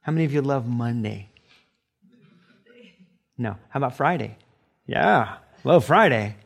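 A middle-aged man preaching a sermon as pastor, animated, sometimes acting out short quoted exchanges. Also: medium pitch, a little slow, gravelly.

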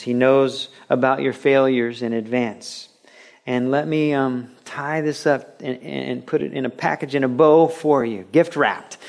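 A man preaching a sermon to a congregation in an earnest, conversational way, sometimes building to animated storytelling. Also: mid-range voice, vocal fry. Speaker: pastor. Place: church, broadcast on radio.

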